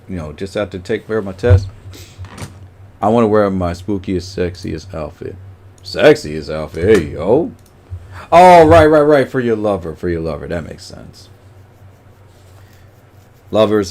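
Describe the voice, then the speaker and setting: A man's voice: sits low, a little mellow. A man chatting casually on a livestream, greeting viewers by name and rambling with lots of fillers.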